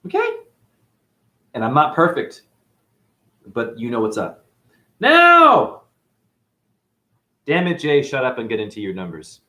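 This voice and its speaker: Man ranting, lively swooping pitch. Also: normal speed. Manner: preachy, boastful, sudden loud outbursts. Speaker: self-styled spiritual teacher. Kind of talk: ranting monologue to camera.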